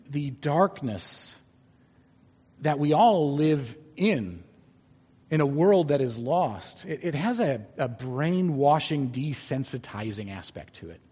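Husky-voiced preacher in a reverberant hall. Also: male voice, medium pitch, a little mellow. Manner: deliberate, stretching key words for emphasis. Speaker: pastor. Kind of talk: sermon.

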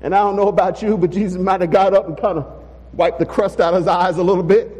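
A pastor preaches with an unusually high, mellow voice, pressing his congregation with rhetorical questions. He speaks emphatically from the pulpit. His words ring out with the long reverb of a church sanctuary. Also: fairly even intonation, fast talker. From Texas. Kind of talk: sermon.

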